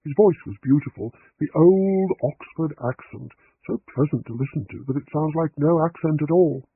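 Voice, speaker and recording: A man reading an audiobook in measured scripted narration, on a tinny, dry recording. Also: fairly high pitch, husky.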